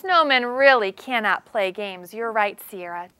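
A woman teacher in a classroom reading a storybook aloud to young children, with expressive sing-song delivery and questions to the class. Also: mid-range voice, a little slow, clean tone, no room sound. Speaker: preschool teacher.

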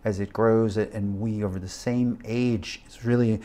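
A man in his fifties teaching a missions class, telling a personal testimony with animated, emphatic swells like a preacher. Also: fairly low pitch, unhurried. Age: 50s.

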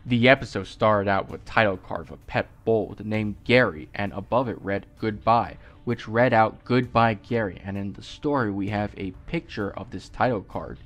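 A man reading a creepy fan story aloud, slowly, breaking off for joking asides and corrections. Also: fairly low pitch, a bit bright. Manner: slow, with asides and self-corrections. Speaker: creepypasta reader.

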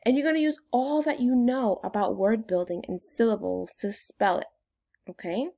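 A woman's voice: a little high, normal speed, gravelly, dark tone. A woman teacher giving a phonics lesson to young children in an upbeat, sing-song way.

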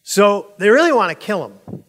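A man preaching a sermon as pastor, telling stories in a lively, conversational way with frequent asides to the congregation. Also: sits high, moderate pace, big-room sound. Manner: animated storytelling, chuckles at own jokes.

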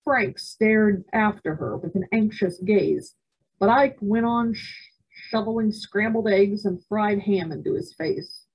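A woman at a library reading a children's novel aloud in a measured, expressive way. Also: mid-range voice, husky, low-quality recording. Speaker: library storyteller.

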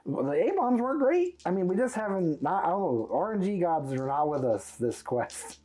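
A man's voice: high voice, big pitch swings, moderate pace, dark tone. A man chatting casually and joking while playing a board game on an app. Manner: joking, playful, talks while clicking. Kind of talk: casual gameplay chat.

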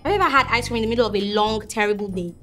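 A woman's voice: fairly high pitch, lively intonation, racing, bright, forceful tone, faint music behind. An actress playing a young woman doctor, chatty to the camera and soothing under pressure. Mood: playful. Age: young adult.

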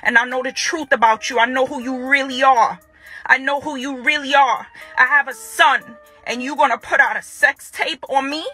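A woman's voice: sits high, fairly even intonation, moderate pace, bright, forceful tone, soft background music. A woman speaking straight to the camera about her ex-partner, confrontational and repeating her own phrases for emphasis. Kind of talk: direct address to camera.

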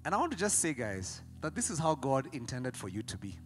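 A man with a Kenyan accent preaching a sermon, telling stories in an animated way that swings from loud excitement to quiet emphasis. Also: medium pitch, a little fast, soft background music. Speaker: pastor.

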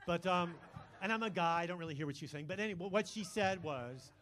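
A man in his sixties holds a club stage with a live stand-up set. His voice sits a little high for a man, and he talks brash and crude, turning jokes on himself and throwing quick asides at the front rows. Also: fairly bright tone. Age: 60s. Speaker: stand-up comedian.

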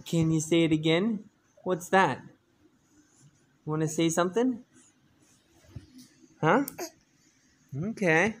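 A woman's voice: lowish voice, takes it slowly, long pauses, slight background noise. A young adult woman, a mother, chatting to her baby at home in a coaxing, sing-song way. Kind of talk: casual baby talk at home.

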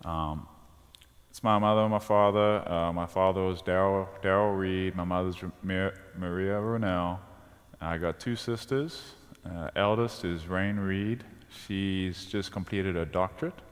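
Guest, 20s, South African accent, very low voice, easygoing; church hall reverb. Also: male voice, fairly even intonation, measured pace. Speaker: guest swimmer. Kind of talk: stage interview. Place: church sanctuary. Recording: long reverb of a large hall.

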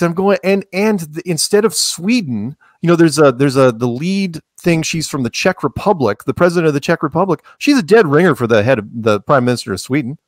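A man's voice: on the high side, dry recording, studio quality. A man talking casually as a podcast guest, rambling with many restarts and sarcastic asides. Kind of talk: casual conversational interview.

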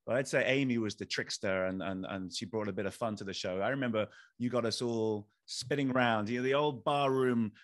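A man co-hosting a podcast, telling anecdotes in casual chat with quick restarts. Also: on the low side, no room sound, clean studio sound. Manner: fast, animated storyteller, many restarts. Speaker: podcast co-host.

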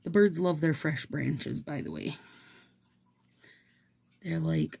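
A woman's voice: low voice, slow pace, gravelly, pauses often, warm tone, slightly rough. A woman vlogger chatting casually and rambling while she does her nails. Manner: rambling, chatty, laughs often. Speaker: nail and manicure vlogger. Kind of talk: casual chat while doing a manicure.

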